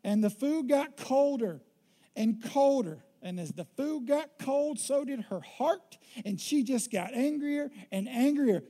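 Joking, chatty preacher with a mellow voice. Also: mid-range voice. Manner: joking, conversational, animated. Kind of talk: sermon.

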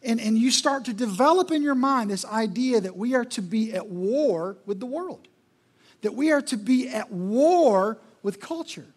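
A man's voice: very high voice, expressive, a little slow. A male pastor preaching a sermon in an emphatic, repetitive, rhetorical style.

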